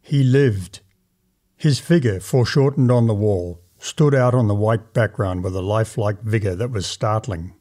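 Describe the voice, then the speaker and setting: A man reading a classic tale aloud in a measured, dramatic first-person narration. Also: fairly low pitch, dark tone. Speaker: audiobook narrator.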